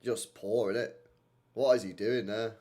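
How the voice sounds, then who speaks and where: A man's voice: fairly low pitch, fairly even intonation, unhurried, warm tone. A man running a live football reaction stream, blunt and slangy, swearing freely as he reacts to the play.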